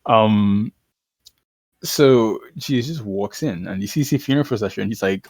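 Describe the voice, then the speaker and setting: Taking it slowly at medium pitch, a man co-hosting a podcast retells stories casually and irreverently, heavy on slang and laughing throughout. It's a casual chat with no room sound.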